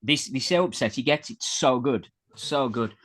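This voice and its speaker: A man's voice: medium pitch, normal speed, a bit bright. A man co-hosting a casual podcast, teasing his co-host while he asks quiz questions and reels off facts. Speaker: co-host and quizmaster.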